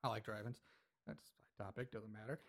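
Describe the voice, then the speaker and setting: A man casually recapping a movie scene by scene in a relaxed podcast chat, rambling and laughing and acting out lines from the film. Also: lowish voice, brisk.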